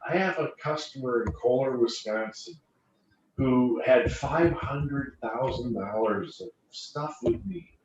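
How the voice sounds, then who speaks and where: A man's voice: medium pitch, animated, takes it slowly. Man telling stories on an echoey call. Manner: storytelling, repeats phrases for emphasis. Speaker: financial sales panelist. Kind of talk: panel talk with anecdotes. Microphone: video call computer mic. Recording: echoey, distant, dull lo-fi call audio, faint hiss.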